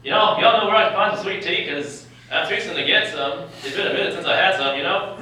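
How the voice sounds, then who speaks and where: Man singing a slow comic medical song. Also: high-pitched, bright, forceful tone, slight background noise. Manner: slow, drawn-out sung lines. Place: lecture hall with live audience. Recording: echoey hall from far off, music behind.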